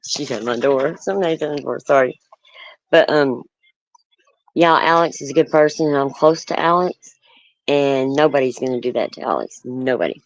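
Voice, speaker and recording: A livestream host talking casually and earnestly, pausing on ums and starting sentences over while standing firm on a personal point. The sound is dull and lo-fi, as from a home stream. The room is dry, with no echo. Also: medium pitch. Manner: halting, many ums and restarts; earnest, firm about setting boundaries. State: nervous.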